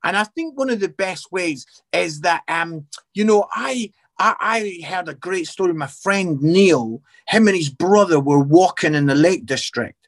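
Man, high voice, animated storyteller, lots of restarts, testimony in an interview. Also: unhurried, few pauses. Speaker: evangelist and comedian.

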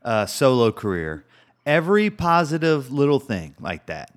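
A man's voice: mid-range voice, moderate pace. Middle-aged man, podcast co-host, rambling jokey storyteller, voice rises and falls a lot. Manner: rambling, joking, lively storytelling. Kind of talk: casual chat.

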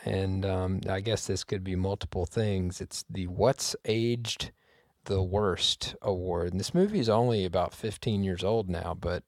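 A man with a lowish voice hosts a casual podcast chat, making wry jokes and wandering through his points. The sound is dry and close, with no room around it. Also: fairly even intonation, unhurried, a little mellow, dry recording. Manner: wry, joking, slightly rambling. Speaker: podcast host.

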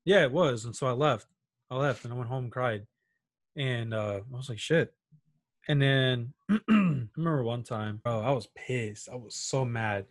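A young man casually telling a long personal story on a podcast, animated and quoting his friends as he goes. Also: medium pitch, normal speed, no echo.

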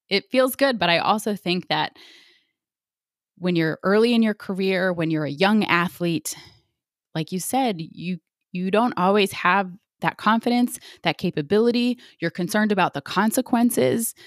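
A woman's voice: medium pitch, unhurried, dry recording, studio quality. A woman in her forties, a sports medicine physician, speaks candidly as an interview guest, telling stories with lots of fillers. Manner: candid, animated, frequent fillers.

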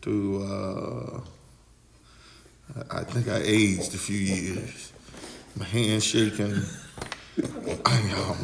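A man hosting a casual podcast chat, swinging between loud, dramatic apologies and a preacher-like cadence. His voice sits on the lower side and rings in a roomy, echoey space, with a faint hiss of noise behind it. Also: extremely slow, creaky, long pauses. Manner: animated, theatrical, slips into preacher-like cadence. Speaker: podcast host.

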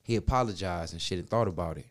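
Man, low voice, casual podcast chat, profane storyteller, loud then hushed. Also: fast talker. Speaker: podcast co-host. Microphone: studio mic.

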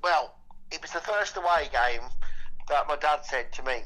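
A man's voice: fairly high pitch, animated, normal speed, sharp tone, low-quality recording. A man, chatting as a podcast guest, rambling with many repeated words and casual swearing. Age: 20s. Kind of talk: casual chat.

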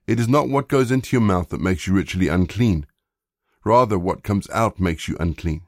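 Jesus, a man reading as a calm male teacher. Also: deep voice, no room sound, studio quality. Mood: steady. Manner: measured, plain reading voice.

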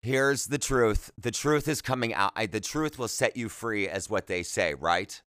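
A man's voice: on the low side, lively intonation, a little slow, a bit bright, no echo, clean studio sound. Chatty man hosting a solo podcast. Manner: chatty, self-deprecating, jokey asides. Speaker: podcast host. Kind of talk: rambling solo podcast monologue.

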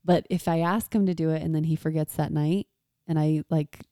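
A woman in her thirties co-hosting a casual parenting podcast, animated and laughing often as she acts out what people said. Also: low-pitched, brisk, no echo, clean studio sound. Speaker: podcast co-host. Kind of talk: casual chat.

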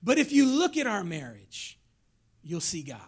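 A man preaching as a pastor, swinging from hushed asides to shouted lines and talking familiarly with his congregation. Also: high-pitched, wildly swooping pitch, measured pace, slightly rough. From Mexican heritage, raised in the US. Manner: folksy, conversational with the congregation. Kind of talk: sermon.

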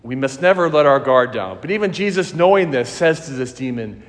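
A man preaching a sermon as a priest, earnest and emphatic, with slow, deliberate phrasing. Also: medium pitch, animated. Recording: long church reverb.

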